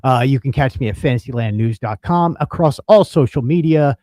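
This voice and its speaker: A man's voice: mid-range voice, brisk, warm tone, no room sound, clean studio sound. A man co-hosting a casual online chat show, upbeat and playful in his banter. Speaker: co-host.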